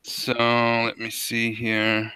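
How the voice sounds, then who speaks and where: A man's voice: mid-range voice, monotone, extremely slow, bright, forceful tone, smooth, no room sound. A young man running a tabletop game in a casual, easygoing way. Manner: casual, easygoing, laughs often. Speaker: game master.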